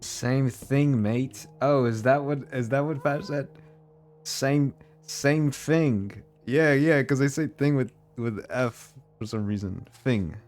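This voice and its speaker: A man's voice: medium pitch, slow pace, darkish tone. A man live-streaming a building game, chatting casually with his viewers and laughing often. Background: faint background music.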